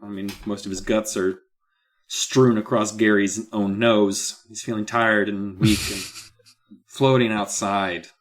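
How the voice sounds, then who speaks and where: A man co-hosting a comedy podcast, recapping a children's book and acting out its characters in squeaky voices while swearing casually. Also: fairly even intonation, takes it slowly. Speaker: podcast co-host.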